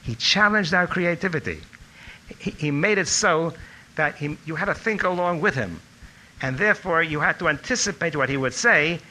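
An older man telling animated stories about a teacher from his student days. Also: a little high, slight background noise, poor audio. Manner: animated storytelling, acting out quotes. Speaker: speaker recalling a teacher. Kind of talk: anecdotal reminiscence.

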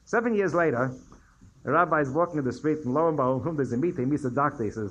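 A man's voice: fairly high pitch, expressive, fast, a bit bright, highs cut off. An older man, a rabbi, lecturing students and taking their questions, telling stories between points and rising sharply for emphasis. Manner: digressive storyteller, emphatic rises on key points.

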